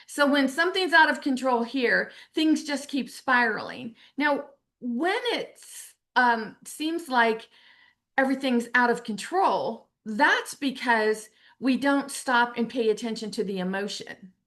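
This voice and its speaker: A woman speaking as a spiritual teacher, telling a personal story in a casual, animated way and acting out her own inner voice. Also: a little high, a little slow. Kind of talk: casual personal reflection to camera.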